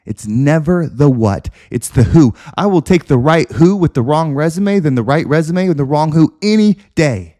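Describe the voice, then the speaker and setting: A man's voice: medium pitch, dark tone. A man hosting a podcast, delivering an intense, repetitive motivational monologue with preacher-like emphasis. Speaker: podcast host.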